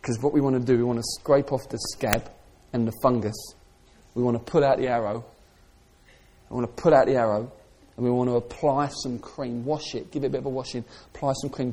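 A middle-aged man preaching a sermon, moving between soft reflective asides and raised, passionate calls. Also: medium pitch, breathy edge.

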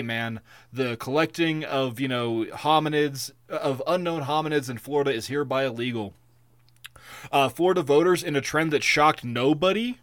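A man co-hosting a podcast, telling stories in a loose, profane, animated way. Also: fairly high pitch, dry recording. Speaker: podcast co-host. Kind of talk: casual comedic chat.

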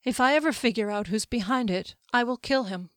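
A woman's voice: fairly high pitch, fairly quick, no echo, studio quality, pitched above the performer's own voice, lightly acted. A woman reading a young female warrior in an audiobook, speaking in a detached, remote way. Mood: grim.

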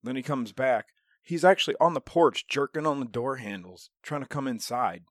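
A man's voice: medium pitch, normal speed, no room sound, clean studio sound. A man in casual podcast chat, telling stories with lots of swearing and laughter. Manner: animated storyteller, swears a lot, laughs often.

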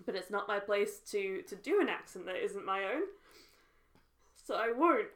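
A woman's voice: mid-range voice, animated, moderate pace, fairly bright tone. An English woman co-hosting a podcast, chatting casually and joking, often slipping into silly mock accents. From Britain. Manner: jokey, slips into mock accents. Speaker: podcast co-host. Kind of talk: casual chat.

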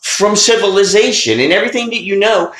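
A man's voice: sits high, expressive, fairly quick, a bit bright, pitched above the performer's own voice. Man putting on a sneering old Santa. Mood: scornful. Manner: mocking, sneering. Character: scornful old male Santa, bossy and cruel. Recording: roomy echo.

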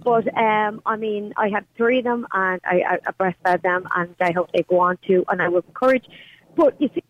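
A woman's voice: medium pitch, moderate pace, dry recording. An Irish woman calling in to a radio show, earnest and rambling, correcting herself as she goes. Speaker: caller. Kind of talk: talk radio phone-in. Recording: dull lo-fi phone audio.

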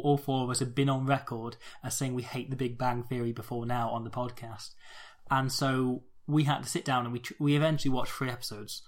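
A man co-hosting a comedy podcast, talking casually and low-key. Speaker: podcast co-host.

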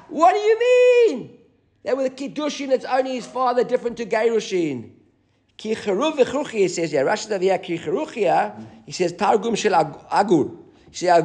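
A man teaching a live Talmud class, reading Aramaic passages and explaining them in English with animated asides. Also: high voice.

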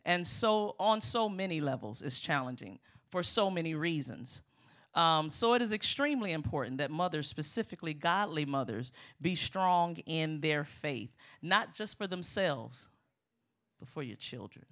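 Middle-aged woman preacher, bright forceful tone, emphatic sermon delivery with congregation call-outs. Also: low voice, expressive, normal speed. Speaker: guest preacher.

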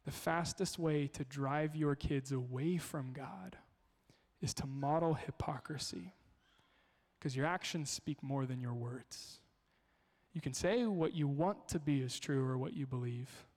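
A man preaching a sermon as a pastor, telling stories in an animated way in a church. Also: medium pitch, measured pace, long reverb tail. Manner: storytelling, animated.

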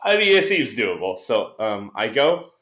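A young man from the United States, a guest on a podcast, telling stories in a casual, animated way and acting out the conversations he quotes. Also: on the low side, moderate pace. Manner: animated storyteller, acts out quoted exchanges. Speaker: guest, esports caster. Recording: echoey room sound.

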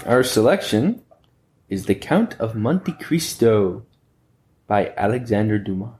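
A man's voice: fairly low pitch, very animated, a little slow, darkish tone, slight background noise. A man co-hosting a podcast, reading a comic word game aloud in a goofy, giggly way.

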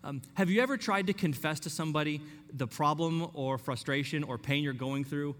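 A man's voice: on the high side, fairly quick, fairly bright tone. A man preaching a sermon in a conversational way, often acting out the voices of the people he quotes. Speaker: pastor. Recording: long hall reverb.

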